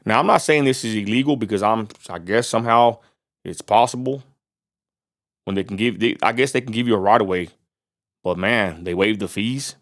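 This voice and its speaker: A man's voice: fairly low pitch, normal speed, fairly bright tone. Fired-up Texan man ranting. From Texas. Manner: fired-up preacher-like rant with Southern "y'all". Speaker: vlogger. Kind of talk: angry ranting vlog. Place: outdoors near a roadside lot.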